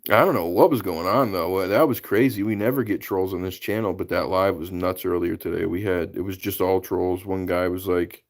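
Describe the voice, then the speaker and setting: A man's voice: deep voice, fairly even intonation, brisk, few pauses. A man hosting a casual livestream, chatting and laughing as he greets viewers by name. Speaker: livestream host. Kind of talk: casual live-stream chat.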